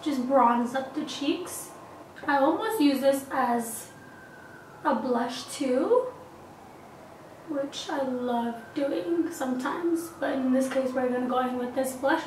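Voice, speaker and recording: A young woman narrating a makeup tutorial in a chatty, upbeat, gushing way, recorded in a small apartment. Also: high-pitched. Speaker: makeup vlogger. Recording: echoey room, distant mic, faint hiss.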